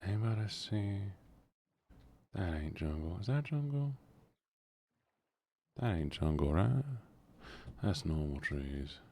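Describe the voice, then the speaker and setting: A man streaming a game in a quiet, soft-spoken way, drawling and sometimes dropping to a whisper, close to a desk mic at home. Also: sits low, sing-song, takes it slowly, pauses often.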